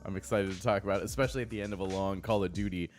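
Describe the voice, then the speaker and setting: A man's voice: sits low, steady tone, racing, soft background music. A man co-hosting a casual live-streamed morning show, joking and laughing often.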